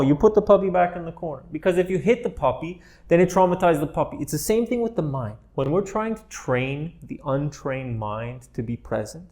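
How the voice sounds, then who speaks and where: Gentle, playful male meditation teacher. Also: on the high side. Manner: gentle, playful, laughs often. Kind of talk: guided meditation class.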